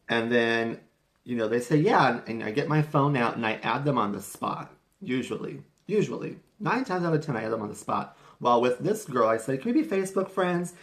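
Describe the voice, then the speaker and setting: Chatty low-voiced young man vlogging. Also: a bit bright. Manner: chatty and rambling, with restarts and quoted asides. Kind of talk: casual talking-head vlog.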